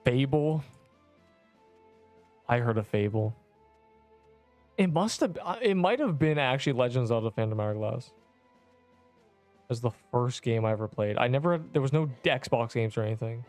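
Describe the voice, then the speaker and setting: A man's voice: mid-range voice, expressive, moderate pace, long pauses, darkish tone, soft background music. A man in his twenties streaming a game, chatting casually with viewers in a rambling, offhand, slangy way. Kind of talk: casual livestream chat answering viewers.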